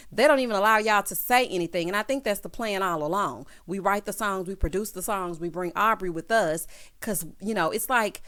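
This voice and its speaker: A woman recapping a reality show in casual commentary, sassy and animated, calling her viewers "honey" and "child" and acting out quotes in a mocking voice. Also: mid-range voice, smooth.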